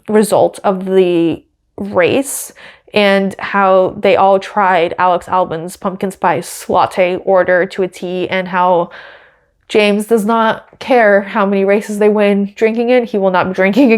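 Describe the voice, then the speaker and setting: A young woman hosting a podcast, talking in a casual, gushing and opinionated way with lots of fillers. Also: mid-range voice. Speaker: podcast host. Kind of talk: casual chatty commentary.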